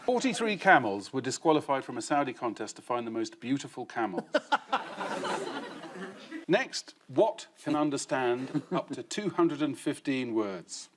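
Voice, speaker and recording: This man hosts a comedy news quiz in a TV studio, speaking at a measured pace with a medium pitch that swings widely, over a little hiss or hum. He reads out the questions and delivers his prepared jokes with a dry, wry touch.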